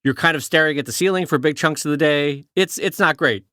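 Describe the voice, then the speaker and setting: A man's voice: fairly high pitch, brisk, pushed and bright, no echo, clean studio sound. A man co-hosting a podcast in casual chat, joking and self-mocking while in pain from a hurt back, talking from a small closet at home. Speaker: podcast co-host.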